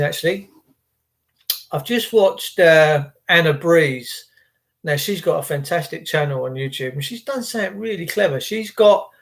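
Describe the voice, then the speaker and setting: A man hosts a casual livestream and rambles on in a loose, chatty way. He greets viewers by name as he talks. His voice sits high for a man. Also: vocal fry. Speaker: livestream host. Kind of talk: casual live chat with viewers.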